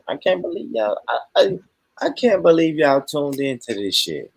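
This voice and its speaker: Husky male streamer, playful profane banter, animated delivery. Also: on the high side, normal speed, poor audio. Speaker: livestream host. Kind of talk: casual livestream chat. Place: at home, early morning.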